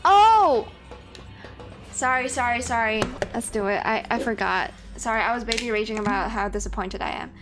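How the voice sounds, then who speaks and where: A woman's voice: on the high side, fairly even intonation, fairly quick, few pauses. Blunt, swearing woman streamer. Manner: blunt, swears often, self-deprecating. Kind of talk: casual gameplay commentary. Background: game music.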